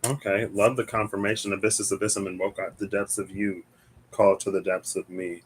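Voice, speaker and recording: With a fairly low pitch and little pitch movement, a young man from the American Midwest talks briskly through a casual tarot reading. He thinks aloud hesitantly and meanders, often searching for words, on a rough recording with a bit of hiss or hum.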